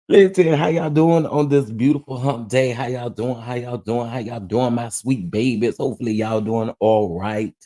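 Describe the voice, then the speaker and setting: A man's voice: mid-range voice, normal speed, dark tone. A man hosting a casual live stream, greeting viewers one by one in a drawling, affectionate way. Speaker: livestream host.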